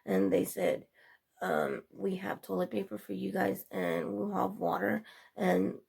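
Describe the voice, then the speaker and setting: Young woman vlogger, gravelly and raspy voice, casual rambling storyteller. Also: medium pitch, darkish tone. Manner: rambling, chatty retelling with quoted dialogue.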